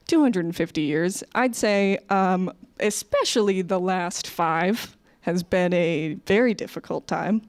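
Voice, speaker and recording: An American woman performs live stand-up comedy on stage at an average pitch. She talks in a chatty, conversational way and peppers her lines with "like" and "okay". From United States. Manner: chatty, with many "like" and "okay" asides.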